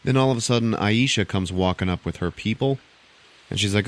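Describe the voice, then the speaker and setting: A man's voice: low-pitched, fast talker. A man hosting a podcast, recapping a movie's plot in an offhand, profane, casual way. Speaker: podcast host.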